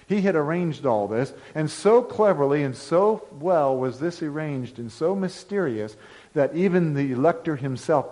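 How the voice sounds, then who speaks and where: A male pastor preaching a sermon, telling history as a lively story with emphatic rises. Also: mid-range voice, rough recording. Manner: storytelling, animated, rising to emphatic declarations.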